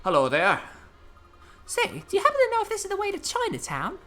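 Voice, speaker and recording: A woman's voice: extremely high pitch, huge pitch swings, fairly quick, bright, forceful tone, soft background music, voice pushed up, exaggerated voice. A woman voicing an eager, polite young boy apprentice, reading game dialogue. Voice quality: earnest, chirpy.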